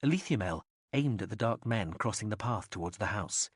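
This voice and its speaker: A man narrating an audiobook in a lively, expressive reading style. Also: fairly low pitch, fairly quick, husky, no room sound, studio quality. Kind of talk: scripted narration.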